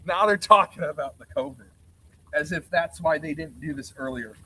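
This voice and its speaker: A man's voice: on the high side, normal speed, pushed and bright, slight background noise, poor audio. Man, live-stream reaction, sarcastic, ranting, mocking.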